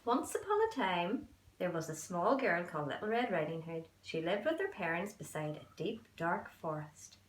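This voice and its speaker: Gentle woman reading to children. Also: fairly low pitch, normal speed. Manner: gentle and expressive. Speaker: preschool teacher. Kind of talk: reading a storybook aloud to children. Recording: roomy echo.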